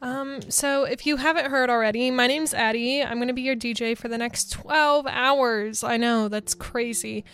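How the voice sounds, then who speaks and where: A young woman in her twenties from Georgia, chatting casually as a college radio DJ in a studio, bubbly and quick to laugh. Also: fairly high pitch, steady tone, a bit bright, clean tone, soft background music. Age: 20s.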